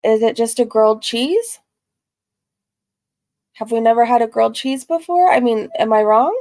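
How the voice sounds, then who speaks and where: A woman's voice: a little high, moderate pace, a little mellow. A woman hosting a reaction video, making sarcastic, mocking remarks and reading out chat comments.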